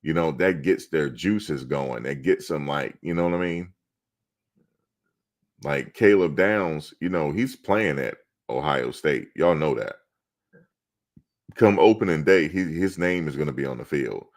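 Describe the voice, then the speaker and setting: A middle-aged man with an extremely deep, low voice hosts a sports live stream. He talks casually and bluntly, answering his chat in a streetwise way. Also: lively intonation, unhurried. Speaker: sports channel host.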